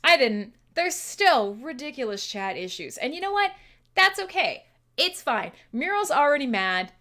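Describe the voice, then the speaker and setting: A woman's voice: high voice, big pitch swings, measured pace, sharp tone. A woman hosting a casual livestream radio show, chatty and scattered, giggling a lot and swearing freely. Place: home streaming setup.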